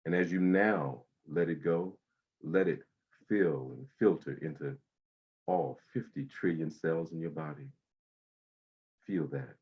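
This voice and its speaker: A man leading a guided breathing meditation, speaking slowly and soothingly with long pauses. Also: a bass voice, husky, dull audio.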